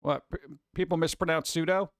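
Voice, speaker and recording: A man talks through a relaxed live stream, musing aloud and tossing off jokes and muttered asides as he reads chat. His voice sits a little high for a man, and the sound is close and dry, with no room echo. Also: a little fast. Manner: rambling, jokey, muttering asides. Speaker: streamer host reading chat.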